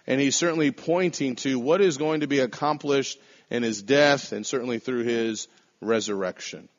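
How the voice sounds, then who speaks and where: A man preaching a sermon to a congregation in measured, emphatic phrases, slowing down to stress key words. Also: medium pitch. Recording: dull lo-fi sound.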